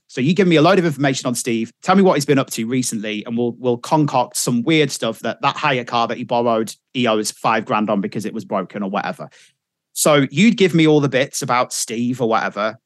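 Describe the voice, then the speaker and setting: A man's voice: mid-range voice, sing-song, brisk, no room sound. A middle-aged man tells radio anecdotes in easy conversation. He slips into other people's voices when he quotes them. The recording is dry and close, with no room around it. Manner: chatty storyteller, acts out quotes. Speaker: radio presenter guest. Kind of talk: casual interview chat.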